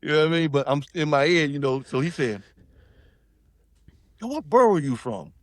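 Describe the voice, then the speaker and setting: A man's voice: on the high side, very animated, normal speed, no room sound. A man from South Carolina, telling a story in casual chat and acting out quotes in shifting voices. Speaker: podcast guest.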